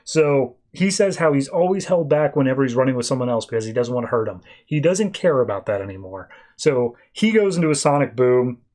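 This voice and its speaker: A man's voice: medium pitch, animated, fairly quick, hardly any pauses, darkish tone. A man in the middle of his range, talking casually as a podcast host. He retells a story in a loose, rambling way, leaning on fillers and quoting characters offhand. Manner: loose, chatty retelling full of fillers and "he's just like". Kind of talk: casual podcast comic recap.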